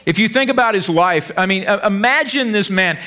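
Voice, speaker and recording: An American male pastor preaches a sermon energetically and with jokes, repeating lines and stumbling over words. His voice is high-pitched and his delivery brisk.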